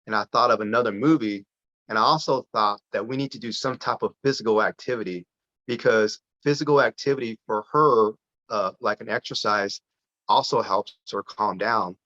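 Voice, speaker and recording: A man telling a personal story as a guest on a podcast interview, lively and full of restarts. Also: lowish voice, normal speed. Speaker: podcast guest, parent advocate. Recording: dull lo-fi sound.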